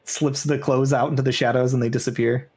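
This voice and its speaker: A man narrating a tabletop game as game master, in a relaxed, hesitant way with many fillers. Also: medium pitch, a little fast, husky.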